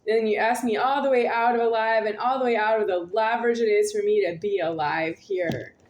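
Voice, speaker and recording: A woman's voice: medium pitch, fairly quick. A woman talking to camera in a rambling monologue, repeating and circling her phrases insistently. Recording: roomy echo.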